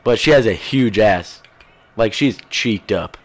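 A man's voice: on the low side, a little slow. A man hosting a podcast in casual rambling chat, crude and profane, jumping from one thing to the next. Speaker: podcast host.

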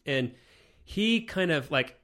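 A man's voice: fairly high pitch, animated, slow, fairly bright tone. A man co-hosting a casual podcast discussion, hesitant and hedging as he talks. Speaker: podcast co-host.

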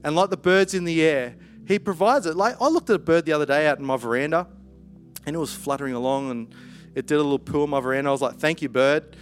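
Aussie guy preaching, chatty and animated, high voice, faint music behind. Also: quick pace. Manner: conversational, animated, playful asides. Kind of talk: sermon.

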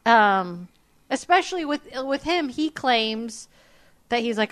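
A woman's voice: on the high side, expressive, slow pace, a bit bright, no echo. A woman in her thirties co-hosting a podcast, telling stories in a chatty, giggly way. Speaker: podcast co-host. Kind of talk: casual chat.

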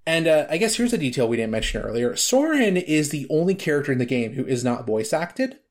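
A man's voice: on the high side, very animated, brisk. A man in casual chat about a video game, rambling with lots of filler words and restarts.

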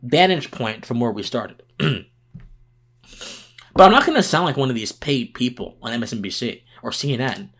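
A worn-out man delivers a political commentary monologue as a podcast host. His pitch swings widely and lively as he builds emphasis, and he often restarts and repeats words in his passion. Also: normal speed. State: tired.

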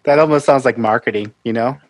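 A man's voice: medium pitch, fast talker, dry recording. A man guest on a podcast, talking about his music in a friendly, chatty way with many fillers. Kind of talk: casual interview chat.

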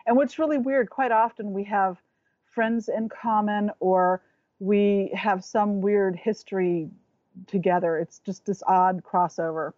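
A woman's voice: medium pitch, steady tone, measured pace, darkish tone, dry recording, highs cut off. A woman talking as a guest in a casual chat, rambling and restarting as she searches for words.

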